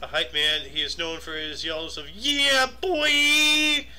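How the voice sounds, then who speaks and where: A man's voice: on the high side, flat delivery, bright, forceful tone. A man co-hosting a casual chat show, reading out a list of birthdays and joking about the names. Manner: jokey, reads lists quickly. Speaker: podcast co-host reading dates.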